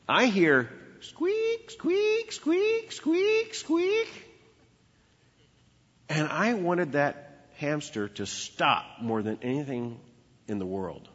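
Male pastor, storytelling sermon voice, husky, heard in a reverberant church hall. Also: medium pitch, fairly bright tone. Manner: storytelling preacher, emphatic repetition. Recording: dull lo-fi with long hall reverb.

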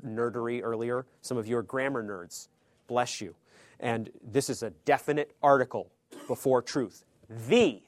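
A man teaching a sermon in a conversational way, swinging between emphatic, loud phrases and hushed, low asides, often checking in with his listeners. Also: no room sound. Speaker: pastor or Bible teacher.

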